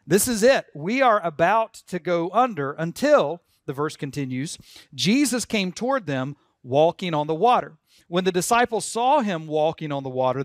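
A man's voice: high-pitched, dry recording, clean studio sound. A man preaching a sermon as pastor, earnest and leading the congregation to repeat words aloud. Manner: earnest, leads congregation in call-and-response.

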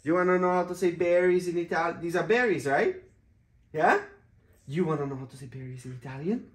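A woman, a parent, teaching young children Italian words in a hotel room, saying each word slowly and repeating it. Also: lowish voice, roomy sound. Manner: slow, drawn-out repetition of each word. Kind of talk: children's vocabulary lesson.

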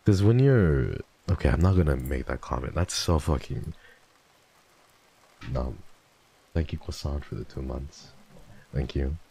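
A man's voice: a bass voice, animated, a little slow, creaky, long pauses, dark tone, breathy edge. A man streaming live and chatting casually with his viewers, playful and teasing, swearing freely and slipping into theatrical voices. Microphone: desk microphone.

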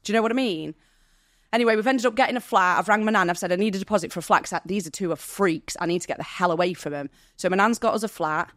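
A woman's voice: mid-range voice, racing, fairly bright tone, no echo, studio quality. A woman, a podcast guest, telling her own story candidly and emotionally, acting out what people said. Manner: candid, vivid retelling with quoted dialogue; emotional, near tears. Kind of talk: personal storytelling in an interview.

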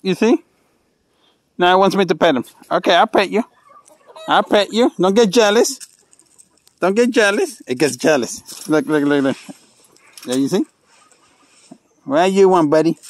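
A man filming his birds and pets in an outdoor yard on a handheld phone, coaxing and talking to them and to the camera in an excited, repetitive way. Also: high-pitched, unhurried, long pauses, dry recording. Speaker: backyard animal keeper filming his pets. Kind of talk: casual home video narration. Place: outdoor yard with geese, chickens and ducks.

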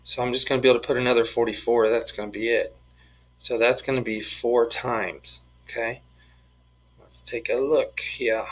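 Bright, husky-voiced playful male math teacher. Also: mid-range voice, fairly even intonation, normal speed, low-quality recording. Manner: playful, jokey, talks through each step. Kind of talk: screen-recorded math lesson, working problems aloud.

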